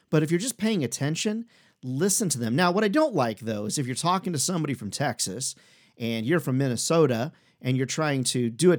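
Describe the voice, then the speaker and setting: Animated fast-talking male sales coach. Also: medium pitch. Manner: energetic, fast-talking, emphatic. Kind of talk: podcast lesson.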